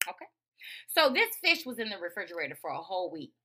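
A woman hosting a podcast, talking in a profane, emphatic, animated rant. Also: on the low side, quick pace. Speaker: podcast host. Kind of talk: casual ranting monologue.

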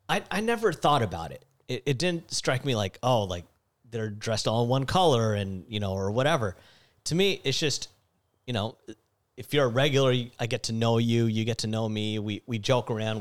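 A young man tells a story in casual chat. He acts out the quotes loudly and turns animated as he laughs. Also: lowish voice. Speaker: former store clerk telling a story.

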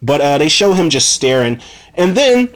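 A man's voice: a little high, sing-song, moderate pace. A man casually recapping a movie scene by scene, rambling and swearing freely, with lots of "you know" and "man". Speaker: movie reviewer.

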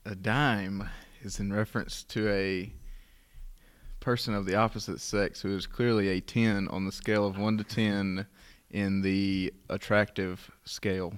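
A man's voice: fairly low pitch, flat delivery, unhurried, smooth. A man co-hosting a podcast, playfully answering quiz questions. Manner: playful, speaks of himself in third person, buzzes in. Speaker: podcast co-host, quiz contestant. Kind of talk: casual podcast banter.

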